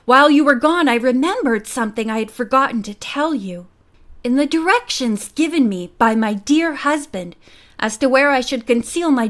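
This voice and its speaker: A woman's voice: sits high, fairly bright tone. A woman doing a flustered old widow. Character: excitable elderly widow, flustered and chatty.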